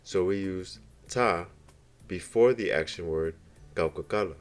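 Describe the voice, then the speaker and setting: A man narrating a scripted beginner language lesson, explaining slowly and carefully with example phrases. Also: low-pitched, faint music behind. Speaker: language teacher.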